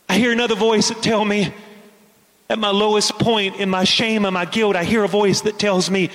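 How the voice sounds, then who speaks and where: A man's voice: high-pitched, fairly even intonation, moderate pace, in a large hall. A man preaching a sermon as pastor, asking the congregation questions and waiting on their answers. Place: church.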